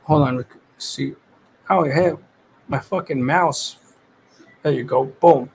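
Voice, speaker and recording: A man's voice: mid-range voice, slow, creaky. A man hosting a livestream, reading viewers' comments in casual chat, with streetwise slang and easy laughter. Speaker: livestream host.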